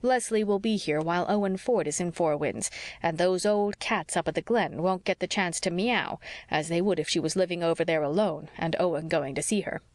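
An outspoken older village woman gossips with blunt opinions, as a woman reader puts her on. The voice is low for a woman and dry. It comes close and clean from a storybook reading. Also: moderate pace, no echo, natural voice.

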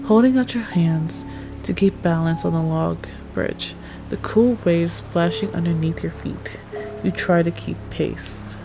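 Slightly low-voiced woman narrating a tense story. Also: a little slow, vocal fry, low-quality recording. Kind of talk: second-person audio story narration. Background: music.

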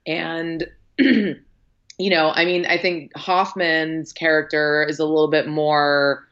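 A woman with a very low voice chats about a film on a podcast, full of "like" and "um" and quick acted-out quotes. Her sound is a little dull and muffled. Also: little pitch movement, a bit bright. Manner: chatty, lots of likes and ums, acts out quotes. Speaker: podcast guest, film critic. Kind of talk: casual film discussion.

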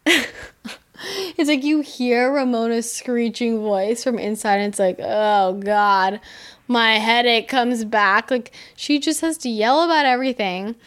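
A woman casually recapping a reality show, animated and exasperated, swearing freely and saying "like" constantly. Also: a little high. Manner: animated, swearing, heavy use of "like"; exasperated, sarcastic commentary. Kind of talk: casual chat.

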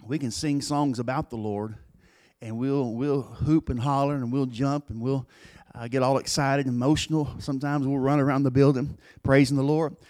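A man preaching a sermon as pastor, earnest and plain-spoken, telling a story with pauses and restarts. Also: mid-range voice, fairly even intonation, darkish tone.

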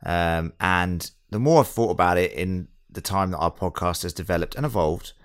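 A man co-hosting a podcast, agreeable and relaxed, reading listener messages out. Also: low-pitched, normal speed. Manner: easygoing, agreeable, reads listener messages aloud. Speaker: podcast co-host. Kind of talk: casual chat.

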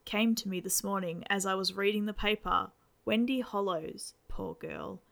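A woman's voice: medium pitch, normal speed, vocal fry, fairly bright tone. A woman voicing a teasing, chatty dad. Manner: chatty, mischievous. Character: cheerful, teasing middle-aged father.

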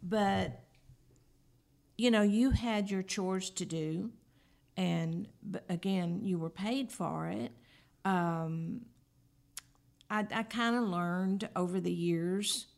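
A woman's voice: medium pitch, takes it slowly, creaky, long pauses, a little mellow. An older woman, the host's mother, chatting casually and laughing about raising her son. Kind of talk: casual family conversation.

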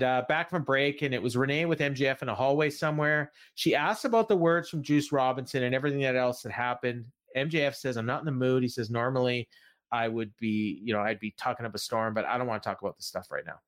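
A man on a wrestling podcast, talking casually at a middling pitch. He rambles through the week's shows, stopping and restarting with plenty of fillers. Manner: rambling, halting recap with many fillers. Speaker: podcast co-host. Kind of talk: casual wrestling recap chat.

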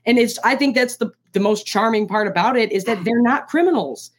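A woman's voice: fairly high pitch, husky. A woman in casual conversation, reviewing a film with a friend, talking animatedly and acting out bits of dialogue. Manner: animated, quick restarts, acts out quotes. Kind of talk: casual podcast chat.

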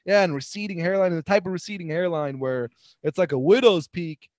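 A man's voice: sits high, fairly quick, a little mellow, no room sound. Brash young man, mocking, dry close sound. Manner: crude, mocking storytelling with frequent laughs. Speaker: podcast co-host. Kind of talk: casual chat.

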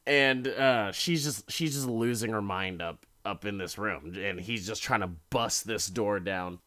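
A man's voice: medium pitch, a little slow. A young man casually recapping a horror episode, swearing freely and laughing as he retells it. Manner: profane, animated, laughs while retelling.

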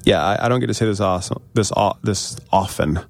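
A man hosting a podcast, telling a story excitedly and thanking the people who helped. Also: low voice, a little fast, dry recording. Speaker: podcast host. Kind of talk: casual chat.

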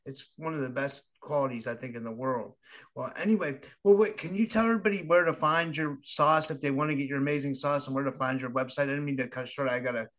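A man's voice: mid-range voice, fast talker, a bit bright. A man hosting a podcast, chatting in an enthusiastic, gushing way with his guest. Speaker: podcast host. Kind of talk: casual interview chat.

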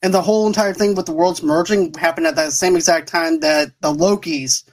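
A woman co-hosting a casual podcast, talking with excited fan enthusiasm. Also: on the low side, brisk, poor audio. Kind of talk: casual chat.

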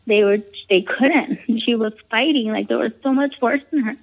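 A woman's voice: on the high side, normal speed, vocal fry. A woman casually telling a personal story, rambling with lots of "um", "like" and "you know". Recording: tinny phone-like line.

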